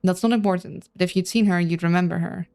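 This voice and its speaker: A woman's voice: on the low side, steady tone, quick pace, a little mellow, soft background music. A woman casually playing a narrative game, reading its text aloud with chatty, playful asides and stumbles over names. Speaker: let's-play streamer.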